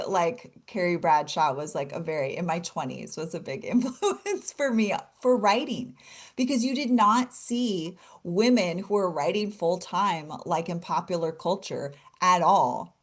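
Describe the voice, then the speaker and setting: A woman guest author chatting in an interview, animated and gushing, laughing often as she talks. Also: lowish voice, measured pace. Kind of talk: casual interview chat.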